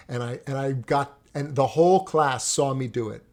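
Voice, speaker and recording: A man's voice: medium pitch, steady tone, normal speed, vocal fry, few pauses, darkish tone. A middle-aged man, a poet and teacher, telling rambling stories in a casual interview, often restarting his sentences. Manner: rambling storyteller, frequent restarts.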